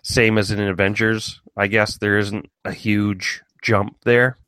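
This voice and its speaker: A man's voice: lowish voice, little pitch movement, slow, a bit bright, clean tone, dry recording, studio quality. A man co-hosting a casual chat, hesitant and searching for words. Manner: hesitant, lots of ums and uhs. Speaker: podcast co-host. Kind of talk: casual chat about movies.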